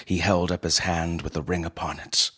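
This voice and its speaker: Man, story narration, very low voice, husky, steady and measured.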